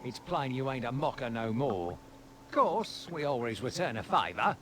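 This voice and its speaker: An actor playing a gruff middle-aged male sewer thief guard with a British accent and rough folksy speech, in game voice acting. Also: mid-range voice, lively intonation, moderate pace, fairly bright tone, a little hiss or hum, natural voice. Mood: gruff warning. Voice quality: rough folksy dialect, calls people lad.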